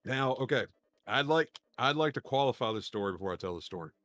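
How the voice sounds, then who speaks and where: A man's voice: medium pitch, expressive, quick pace, fairly bright tone, no room sound, clean studio sound. A man, a podcast co-host telling a long story in rambling, profane casual chat. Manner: rambling, profane, laughs while telling stories.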